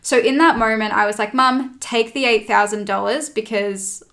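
A woman's voice: fairly high pitch, fairly even intonation, moderate pace, a bit bright. A woman hosting a casual chat, telling a personal story candidly, with emphatic swearing. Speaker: podcast host.

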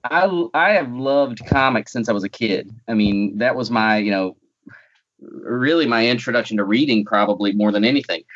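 A man's voice: medium pitch, moderate pace, fairly bright tone, dull audio. A man with a light North Carolina accent, a guest in a casual interview, talking with dry, self-deprecating humor.

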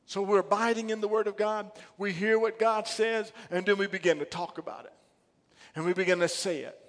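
Middle-aged pastor preaching in a church, real high voice, big hall echo, gets loud then quiet. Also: male voice, fairly even intonation, a little fast. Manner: builds to loud emphatic preaching, then drops low. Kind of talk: sermon. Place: church sanctuary. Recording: long hall reverb.

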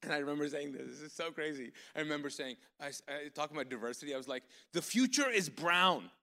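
A man preaching a live sermon as pastor, telling stories in an animated way with sudden loud outbursts of excitement. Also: fairly high pitch, racing, gravelly. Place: large church auditorium. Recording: long hall reverb from live church service.

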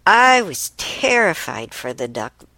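Middle-aged woman, low voice, slow and rambling casual storyteller, dry close sound. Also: very animated, bright, forceful tone, no echo. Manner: unhurried, rambling with fillers and restarts. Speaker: host.

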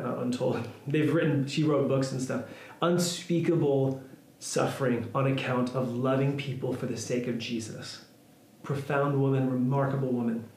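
A man preaching a sermon, retelling a story in an earnest, halting way with many restarts. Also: medium pitch. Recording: echoey room with faint ambient noise.

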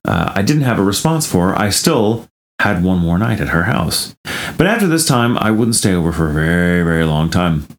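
A man co-hosting a podcast, reading a listener's ghost story aloud and breaking off into animated, laughing asides. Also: sits low, moderate pace.

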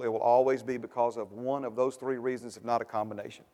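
A man's voice: mid-range voice, steady tone, fast, hardly any pauses, a little mellow. A man preaching a sermon as pastor, building to emphatic bursts and repeating refrains. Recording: long hall reverb.

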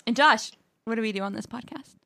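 A woman's voice: fairly high pitch, fast talker, vocal fry, bright, forceful tone, slight background noise. A woman hosting a podcast in casual chat, with teasing, dry humor. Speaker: podcast host.

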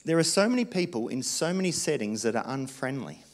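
Guy preaching a sermon, earnest and punchy, ordinary pitch, keeps pushing the point. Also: very animated, fairly quick. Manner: earnest, emphatic preaching with exhortations. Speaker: pastor.

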